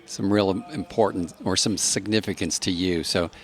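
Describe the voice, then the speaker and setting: A man's voice: low voice, normal speed. A man hosting a casual podcast interview, friendly and encouraging, dropping joking asides. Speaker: podcast host.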